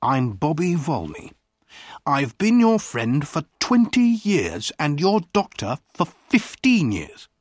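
A calm doctor of about forty speaks in a steady, reassuring way, voiced by an audiobook reader. The delivery is slow and slightly husky, with a dry, close sound. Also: mid-range voice, dry recording, heavily acted. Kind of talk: audiobook story reading.

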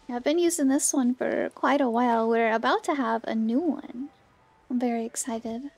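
Bubbly and warm, a woman greets her viewers by name while she plays a game on stream, chatting casually. Her voice sits a little high and is slightly hoarse this morning, and she speaks at a moderate pace.

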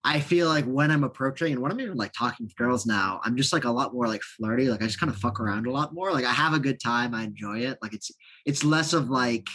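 Male guest, 30s, husky mid voice, laid-back rambling delivery. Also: medium pitch, quick pace. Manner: relaxed and rambling, many fillers. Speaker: coaching client and guest. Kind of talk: casual podcast interview.

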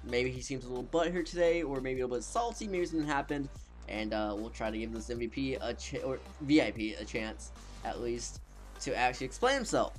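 A man's voice: medium pitch, a little fast, faint music behind. A man giving casual, sarcastic commentary over gameplay, often cracking up laughing as he jokes. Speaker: gaming channel host.

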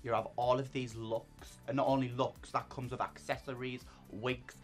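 A man's voice: medium pitch, level tone, normal speed, faint music behind. A man who performs in drag, chatting casually as an interview guest, bubbly and often laughing. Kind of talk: casual chat.

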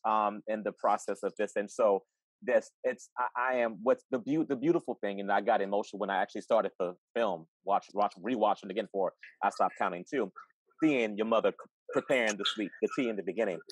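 A man's voice: on the low side, no echo, poor audio. A man hosting a live virtual interview, speaking with enthusiasm and affirming his guest, often repeating words. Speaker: host. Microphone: video call.

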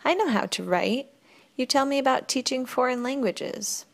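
Woman narrator as a doubting, excitable man; slightly gravelly voice, quick questions. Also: high voice, pitched above the performer's own voice. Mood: questioning. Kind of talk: audiobook reading.

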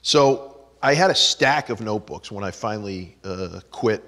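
A man's voice: on the low side, animated, normal speed, bright, forceful tone, long reverb tail. A man who is a comedian, telling self-mocking stories about his work in an interview. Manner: anecdotal, self-mocking, acts out quotes. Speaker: comedian guest. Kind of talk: storytelling interview.

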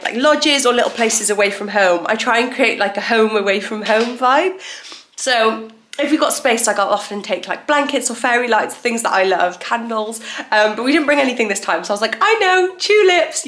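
A woman's voice: medium pitch, fairly bright tone, slight background noise. A young woman chatting casually to camera in a holiday lodge, bubbly and full of fillers. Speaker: vlogger. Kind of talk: casual vlog chat.

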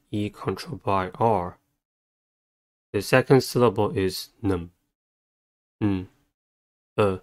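A man teaching English vocabulary, sounding out syllables and letter sounds one by one in a methodical way. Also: lowish voice. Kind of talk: instructional narration.

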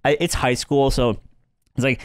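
Brief: young male podcast co-host, middle pitch, crude laughing storyteller, dry close mic. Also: steady tone, moderate pace, smooth, dry recording. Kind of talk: casual chat.

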